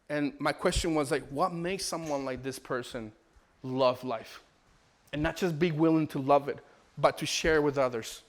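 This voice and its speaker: Animated man preaching with stories. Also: fairly high pitch. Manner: storytelling, animated, restarts often. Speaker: guest speaker, missionary. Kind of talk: informal preaching talk.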